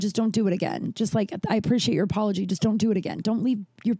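A woman's voice: mid-range voice, quick pace, dark tone, no echo, studio quality. A woman podcast host, a festival bartender, telling a rambling story in casual chat and swearing freely.

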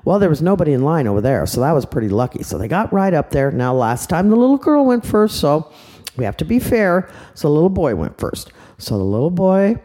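An older woman tells an improvised bedtime story in a chatty way, tossing in sound effects. Her voice is mellow and swings widely in pitch. She keeps it warm and easygoing. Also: big pitch swings, fairly quick. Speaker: storyteller grandmother.

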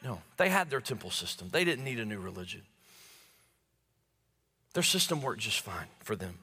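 A male pastor preaching a sermon. He stammers and repeats words as he builds emphasis, then drops to low hushed tones on key phrases. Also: big pitch swings, moderate pace, husky. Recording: long hall reverb.

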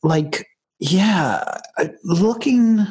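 Husky-voiced man, rambling chat. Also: sits high, expressive, extremely slow, darkish tone. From United States. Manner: rambling, laughs easily, tells anecdotes. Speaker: podcast co-host. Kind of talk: casual chat. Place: lives in Ireland.

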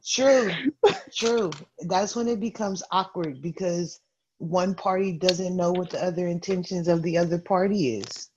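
A man joins a casual podcast conversation. He works through his ideas slowly, feeling for the right words. The recording sounds a little muffled. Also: high-pitched, crowd noise. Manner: thoughtful, searching for words. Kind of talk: casual group podcast chat. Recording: slightly dull lo-fi sound.

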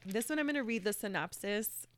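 A woman's voice: medium pitch, lively intonation, fairly quick. A woman in casual chat recommending books, chatty and earnest, swearing casually and filling her talk with "like". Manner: earnest, emotional. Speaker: book vlogger.

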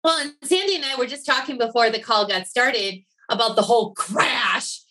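Woman, Wisconsin accent, podcast host, upbeat, higher voice. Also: normal speed, pushed and bright. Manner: bubbly, exclamatory, with cheers and laughs.

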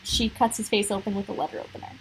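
A woman's voice: medium pitch, little pitch movement, rapid-fire, a little hiss or hum, poor audio. A young woman co-hosting a podcast, talking bluntly and emphatically in a casual chat, with many fillers. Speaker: podcast co-host.

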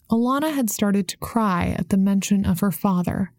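Woman reading an audiobook, mellow dark voice, dry close sound. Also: mid-range voice, moderate pace, few pauses, no echo. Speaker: audiobook narrator. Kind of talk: scripted narration.

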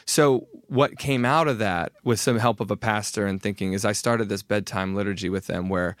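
A man's voice: on the low side, moderate pace, no room sound, studio quality. A man in his thirties, a guest author talking candidly and self-deprecatingly in a casual podcast conversation, often restarting his sentences.

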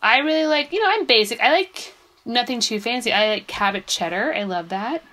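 A woman's voice: a little high, animated, fairly quick, sharp tone. A woman in casual chat with a bubbly, giggly way of talking, gushing with enthusiasm.

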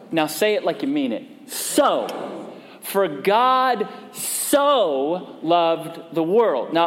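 A man's voice: fairly high pitch, big-room sound, slight background noise. A male pastor preaching a conversational sermon and prompting the congregation to respond. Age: adult parent.

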